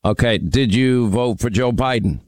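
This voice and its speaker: A man's voice: medium pitch, moderate pace, darkish tone. A man hosting a call-in radio show, needling and mocking a caller in a brash, combative way. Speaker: radio talk show host. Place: radio studio.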